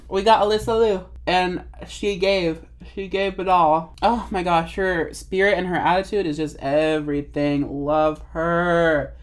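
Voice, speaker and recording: A woman in her twenties chatting casually and giggling while painting her face in her bedroom, rambling and swearing freely. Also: lowish voice. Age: 20s. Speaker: vlogger.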